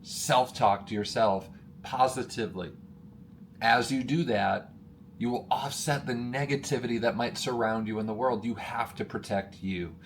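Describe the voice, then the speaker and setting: A male motivational coach with a mid-pitched voice talks straight to camera at a moderate pace, his energy climbing as he gets worked up. He calls his audience friends and drives every point home emphatically. A faint hiss of noise runs beneath the recording.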